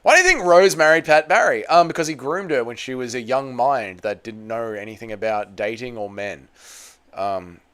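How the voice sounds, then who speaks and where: A man's voice: medium pitch, a bit bright. A man hosting a casual livestream, reading out chat messages and answering with crude, teasing banter. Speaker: livestream host.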